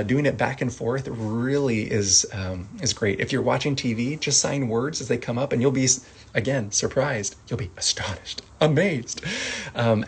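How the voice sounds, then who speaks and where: Slow, patient male sign language teacher. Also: mid-range voice, breathy edge, low-quality recording. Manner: calm, repeats each word, gentle asides. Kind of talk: slow vocabulary lesson.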